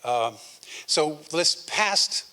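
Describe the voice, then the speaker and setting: A man performs funny rhyming verse in a bouncy, rhythmic singsong, with chatty asides to the crowd. His voice is bright and a little high. He is recorded live on a theater stage. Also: expressive, drawn-out words, smooth, in a large hall. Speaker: fisher poet performer. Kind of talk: reciting humorous rhyming poems and telling jokes.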